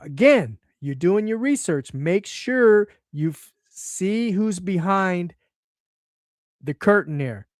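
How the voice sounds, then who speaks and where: A blunt man with a fairly high voice gives casual health commentary. He hammers home each point and keeps checking in with "okay?". The recording is dry and close, with no room sound. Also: animated, takes it slowly, dry recording. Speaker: show host.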